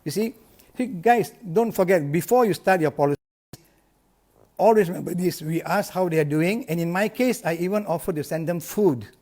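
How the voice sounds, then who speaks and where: A man's voice: sits high, normal speed. A middle-aged man, coaching insurance agents in an emphatic, motivational live talk. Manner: energetic, emphatic, repeats key lines.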